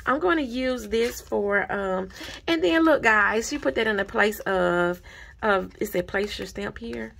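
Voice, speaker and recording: A woman vlogging casually at her desk about budgeting supplies and mail she received, gushing and repeating herself when excited. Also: medium pitch, measured pace, gravelly. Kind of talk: casual unboxing vlog. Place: home desk.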